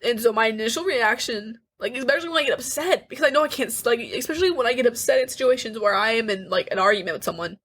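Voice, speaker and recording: An eighteen-year-old woman talks through a candid podcast chat with a slightly high, husky voice. She speaks earnestly but haltingly, restarting her sentences and slipping in nervous little laughs. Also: animated, a bit bright. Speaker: podcast co-host.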